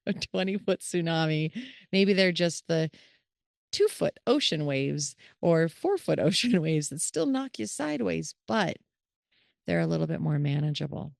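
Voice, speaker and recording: A middle-aged woman hosts a caregiving podcast in casual solo talk, her low, unhurried voice carrying vocal fry. She speaks earnestly and with animation, acting out the thoughts of the people she describes. The recording is dry and studio quality.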